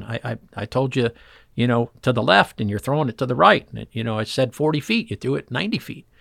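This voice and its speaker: A man who works as a fishing guide, telling old stories in a relaxed interview and acting out the voices of people in them. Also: mid-range voice, creaky, dry recording, clean studio sound. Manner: animated storyteller acting out voices in quotes. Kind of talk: storytelling interview chat.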